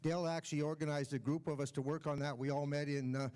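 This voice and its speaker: A man hosting a conference session, thanking the speaker and addressing the audience in loose, halting remarks. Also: on the high side, little pitch movement, darkish tone, clear, resonant tone. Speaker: host.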